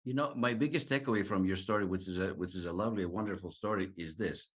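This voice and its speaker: A man hosting a podcast interview, earnest and encouraging, with halting restarts. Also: sits low, a bit bright, husky. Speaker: podcast host. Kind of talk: interview conversation.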